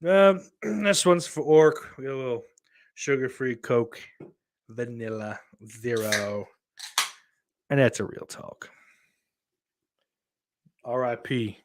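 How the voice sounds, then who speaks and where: Slow and given to long pauses, this mid-range male voice belongs to a podcast host chatting casually and reading viewer comments. His manner is rambling, heavily profane, and self-deprecating.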